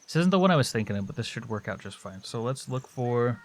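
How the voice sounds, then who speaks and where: A man's voice: medium pitch, very animated, fast. A man streaming a video game from home, rambling and chatting with viewers as he plays. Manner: rambling, chats with viewers while playing. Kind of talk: casual gameplay chat. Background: video game music.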